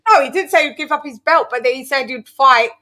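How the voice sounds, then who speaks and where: A woman hosts a casual boxing chat in a bright, ringing, slightly high voice, playfully over-the-top and brisk. She trips over her words and starts sentences again often.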